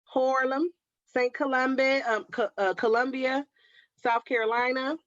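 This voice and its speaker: Her voice sits high, a bit bright and a little slow, with fairly even intonation and no echo. She's an Oakland, California, woman running a craft livestream, casually chatting with viewers, reading their comments, and calling them "baby" and "girl." The sound is dry and slightly dull.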